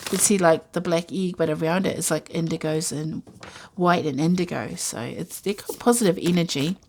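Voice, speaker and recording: A woman's voice: fairly low pitch, a little hiss or hum. A woman giving a casual intuitive tarot reading, musing aloud with many fillers and asides. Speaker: tarot reader.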